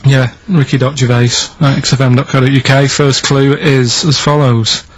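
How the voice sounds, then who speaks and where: A man who is a regular on a radio show, talking in a flat, halting, matter-of-fact way. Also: mid-range voice, no echo, poor audio. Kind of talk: casual radio banter. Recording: dry studio mic.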